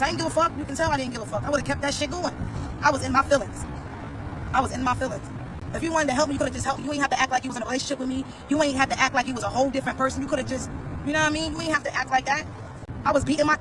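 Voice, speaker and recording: A man's voice: extremely high pitch, fairly even intonation, very fast, a crowd in the background, low-quality recording. A man telling a casual storytime rant to his viewers, blunt, profane and slangy, repeating phrases as he talks. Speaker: vlogger.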